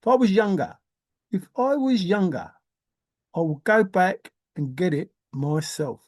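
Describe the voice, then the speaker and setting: A woman's voice: fairly low pitch, expressive, a little slow, a little mellow, no echo. An older woman rambling to herself in a musing monologue, repeating words in a singsong way and humming. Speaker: treasure hunt vlogger.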